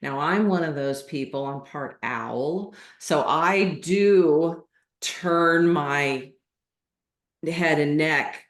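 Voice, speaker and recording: A woman teaching yoga in a low voice, slow and unhurried, talking students through each setup with gentle reassurance. Her voice carries a roomy echo, as if recorded in an open, bare room. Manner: calm, measured instruction with gentle reassurance. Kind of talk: guest instruction in a live online class. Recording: echoey room.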